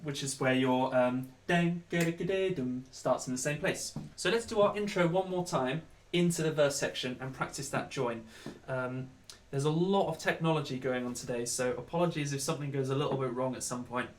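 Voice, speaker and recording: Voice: medium pitch, a little fast. A choir leader, casually talking singers through their parts one step at a time in a home video session. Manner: friendly, chatty, explains step by step. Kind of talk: casual singing tutorial. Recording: roomy sound with music behind.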